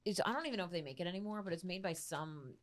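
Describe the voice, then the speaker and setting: Low-voiced, giggly female co-host on a video call, slight hiss behind. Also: lively intonation, racing. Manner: chatty, giggly asides. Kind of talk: casual chat.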